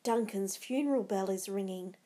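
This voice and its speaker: A woman voicing a troubled, guilt-ridden nobleman who speaks quietly as if thinking aloud. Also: medium pitch, moderate pace, lightly acted. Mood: grim. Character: troubled Scottish nobleman, grown man, fearful and guilty.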